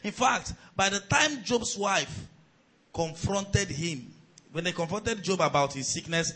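Bright, husky-voiced preacher man. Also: high voice, lively intonation, a little slow, low-quality recording. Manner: preaching with loud surges and shouts, then quiet storytelling. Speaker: pastor. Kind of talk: sermon.

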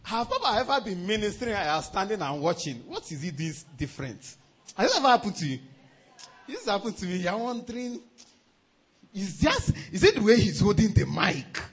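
A man preaching a sermon as a pastor, animated, often chuckling and repeating himself for emphasis. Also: sits high, a little fast, husky.

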